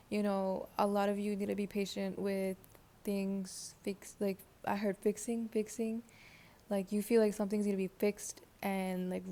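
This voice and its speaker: A young woman giving a casual tarot reading, chatty and rambling, full of likes and you-knows, sometimes dropping to a soft near-whisper. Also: medium pitch. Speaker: tarot reader.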